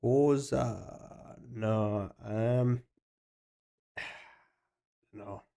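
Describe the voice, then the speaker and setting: A man's voice: fairly low pitch, extremely slow, creaky, mellow. A man chatting casually to his livestream viewers, rambling, laughing often and swearing freely. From South Africa. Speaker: streamer.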